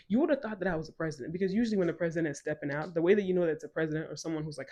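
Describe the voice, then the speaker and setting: A woman from Ghana tells a personal story straight to camera in a casual vlog. She speaks in an animated, emphatic way and wanders off on side tangents before coming back to her story. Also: sits low. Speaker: vlogger.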